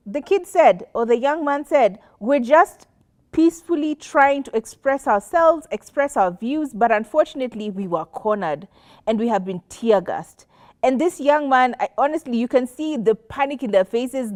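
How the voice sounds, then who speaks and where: A woman with a notably high voice recounts events on a talk show with strong feeling. She is indignant and urgent, acting out what others said as she goes. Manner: impassioned, indignant retelling with vivid quotes. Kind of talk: studio talk show discussion.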